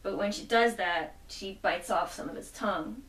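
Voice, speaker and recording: A woman's voice: medium pitch, moderate pace, a bit bright. Woman recapping a comic in an echoey room. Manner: retells the story chattily, quoting characters. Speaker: comic book reviewer. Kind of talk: casual plot recap. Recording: roomy echo, mic at a distance.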